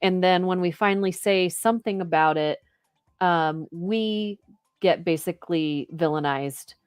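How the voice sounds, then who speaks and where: A woman hosting an interview, supportive and quick to agree, leading into a film clip. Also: lowish voice, clean tone, no room sound, studio quality. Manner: supportive, frequent short agreements. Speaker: interview host. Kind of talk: casual interview talk.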